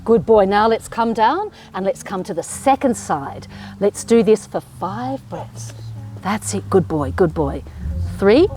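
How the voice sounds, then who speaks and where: A woman's voice: mid-range voice, lively intonation, unhurried, a little mellow, slight background noise. An Australian woman leading a children's yoga class in an encouraging, sing-song way, with playful animal sounds. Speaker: kids yoga teacher.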